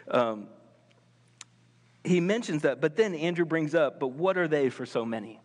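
A man preaching a sermon as pastor, talking in a casual, animated way with lots of fillers. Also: a little high, moderate pace, in a large hall. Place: church.

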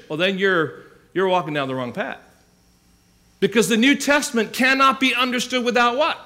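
A man's voice: extremely high pitch, normal speed, pushed and bright. A man preaching a sermon, explaining scripture with emphatic rhetorical questions and restarts. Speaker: pastor.

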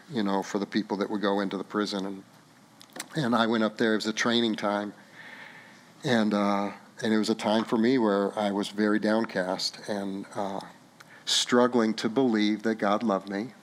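Earnest, fervent male pastor preaching. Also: on the low side. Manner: earnest, halting, rising to fervent emphasis. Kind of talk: sermon.

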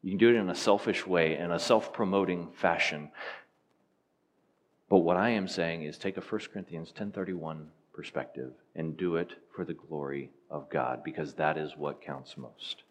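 Deep-voiced man preaching a sermon. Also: normal speed. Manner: earnest, emphatic teaching with rhetorical questions.

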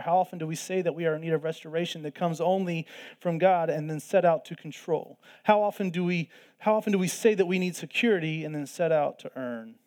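A man's voice: a little high, a little mellow. A man preaching a sermon in an earnest way, repeating phrases for emphasis. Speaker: pastor.

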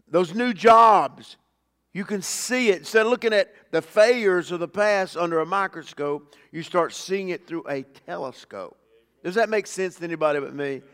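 A man preaching a sermon in a folksy way, rising loud on scripture and dropping soft for asides. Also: on the high side, vocal fry, in a large hall. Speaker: pastor.

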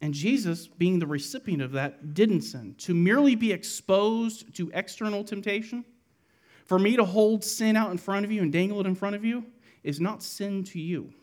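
Male preacher, higher voice, expository sermon delivery with emphatic rises. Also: normal speed, darkish tone.

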